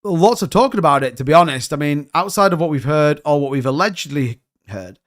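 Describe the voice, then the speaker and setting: A man's voice: a little high, lively intonation, a little fast. A man hosting a casual livestream, joking and bantering as he reads out chat comments. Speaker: crypto livestream host.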